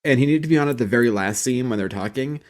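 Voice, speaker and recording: Podcast co-host, male, average pitch, loose rambling delivery with frequent laughs and swearing. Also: fast talker, a little mellow. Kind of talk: casual chat about a TV show.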